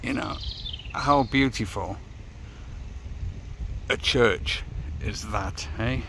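A middle-aged motorcycle vlogger walks around outdoors by a church and graveyard, rambling casually and talking straight to his viewers on camera. His mid-range voice is creaky with a sharp tone and drawn-out words, and there's slight background noise.

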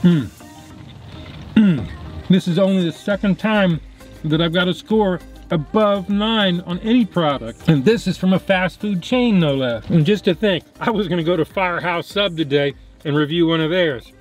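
Guy reviewing a burger in his car, kinda high voice, excited, mouth full, faint music behind. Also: normal speed. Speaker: food reviewer. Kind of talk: casual food review vlog.

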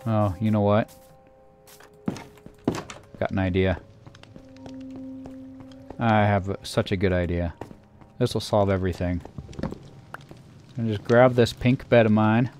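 A man narrating a scary game playthrough in a theatrical way, dropping to a hush and then shouting in panic. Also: on the low side, steady tone, slow, pauses often, soft background music. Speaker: let's player. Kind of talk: acted creepypasta gameplay narration.

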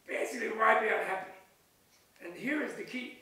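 A man's voice: sits high, a little slow, long pauses, bright, forceful tone. An older man giving an informal, digressive Buddhist talk at a retreat, chatty and laughing at his own jokes. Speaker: Buddhist teacher leading a retreat session. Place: retreat hall. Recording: echoey hall recorded from a distance, faint hiss.

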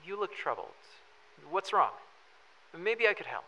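An actor playing an earnest, polite young male investigator who speaks in a gently reassuring way. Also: high-pitched, big pitch swings, measured pace, heavily acted. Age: young adult. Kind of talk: analog horror audio drama. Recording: noisy background hiss.

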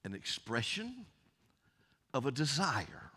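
A middle-aged man with a Southern accent preaching a folksy sermon, swinging from loud calls to soft near-whispers. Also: medium pitch, huge pitch swings, takes it slowly, slightly rough. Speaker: pastor. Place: church sanctuary. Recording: long church reverb.

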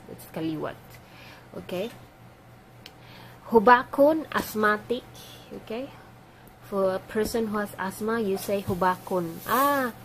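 A woman teaching a language lesson for medical staff. She explains each phrase patiently and repeats it slowly. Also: medium pitch, a little hiss or hum, poor audio.

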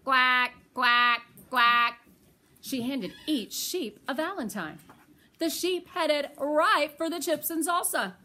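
Grandma reading a picture book to little ones, high bright voice, slow and tender. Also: female voice. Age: older. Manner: tender, slow and expressive storytelling. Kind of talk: children's read-aloud.

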